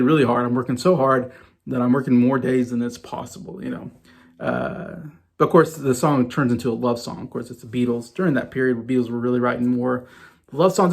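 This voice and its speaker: A man's voice: medium pitch, gravelly. A man in his thirties talking enthusiastically and ramblingly in a casual music ranking vlog. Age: 30s. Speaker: music vlogger.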